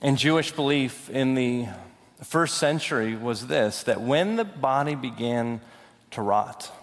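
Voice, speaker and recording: A young adult man preaching a sermon, swinging from loud, rising declarations to hushed, slow intensity. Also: medium pitch, animated. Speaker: pastor. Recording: long hall reverb.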